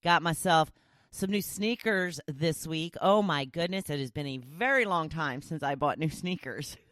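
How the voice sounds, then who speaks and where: A woman's voice: low voice, normal speed, fairly bright tone, no echo, clean studio sound. A woman hosting a podcast, chatting casually and bubbly with her listeners and laughing often. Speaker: podcast host.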